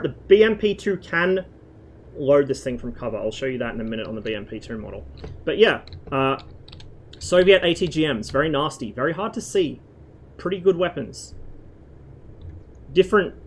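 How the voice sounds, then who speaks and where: A man's voice: medium pitch, slight background noise. A young man casually commentating his game stream, rambling with frequent restarts and plenty of swearing.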